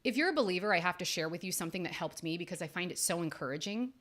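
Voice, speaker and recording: Bright, lively woman life coach. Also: rapid-fire. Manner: earnest and emphatic, with sudden rises in pitch. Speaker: podcast host and life coach. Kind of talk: faith-based motivational talk.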